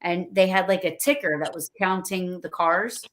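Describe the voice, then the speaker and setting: A woman chatting casually on a livestream, telling stories excitedly and acting out what people said. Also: on the low side, moderate pace. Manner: excited, rambling storyteller acting out quotes.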